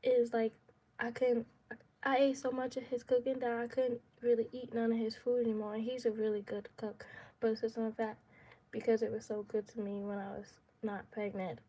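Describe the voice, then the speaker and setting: Animated young woman telling a story. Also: on the high side, brisk. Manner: animated, dramatic storytelling with laughs; casual slangy speech. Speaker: vlogger. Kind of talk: casual storytime.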